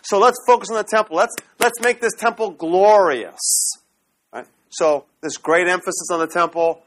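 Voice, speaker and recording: A man teaching a Bible class in a classroom lecture style, animated and often checking in with the class. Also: sits high, normal speed.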